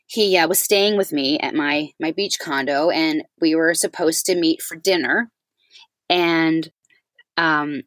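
A woman chatting on a talk show, telling a personal story in an animated way and acting out the quoted voices. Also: fairly low pitch, no room sound. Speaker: podcast co-host. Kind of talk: casual chat.

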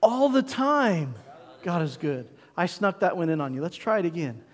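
A middle-aged male pastor preaching a sermon in a church, emphatic, with dramatic pauses and call-and-response. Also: high-pitched, sing-song, big-room sound. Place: church sanctuary.

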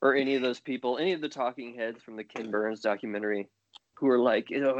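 A man's voice: medium pitch, fairly even intonation, a little fast, no echo. A man co-hosting a casual podcast chat, telling rambling, wry stories. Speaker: podcast co-host. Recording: dull, muffled sound.

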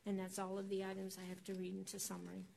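A woman clerk reads a list of agenda items in a formal, measured delivery. Her voice is mellow and dark, and it barely rises or falls in pitch. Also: creaky, a little hiss or hum, low-quality recording. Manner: formal, even reading tone. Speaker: council clerk. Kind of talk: reading agenda items aloud.

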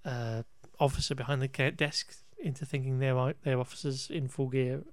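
A man's voice: mid-range voice, fairly even intonation, normal speed, dry recording. A man co-hosting a podcast, chatting casually through a film recap with frequent restarts and laughter. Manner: rambling, self-correcting, laughs often. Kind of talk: casual chat.

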